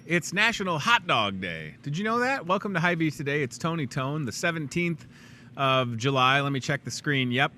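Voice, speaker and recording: A man's voice: on the high side, sing-song, moderate pace, pushed and bright, slight background noise. A man from the Chicago suburbs hosting a live talk show, rambling and joking casually. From Chicago suburbs, USA. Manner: rambling and jokey, chatty asides. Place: inside a grocery store.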